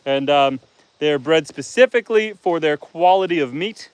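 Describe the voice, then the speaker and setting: A fairly high-voiced middle-aged man from Canada hosts a live stream from his farm. He chats outdoors among his animals in an easygoing, teasing way, and farm animals can be heard behind him. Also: expressive, normal speed, clean tone, no room sound, rough recording. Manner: easygoing, chatty, teasing viewers. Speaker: homestead livestreamer. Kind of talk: casual live-stream chat reading viewer comments.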